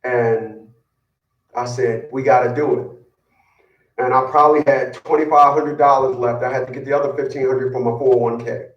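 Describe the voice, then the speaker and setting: A man with a medium-pitched, steady voice talks a little fast in a muffled, reverberant recording made far from the mic. His monologue is a profane, casual rant of boastful, blunt relationship advice, with words repeated as he heats up.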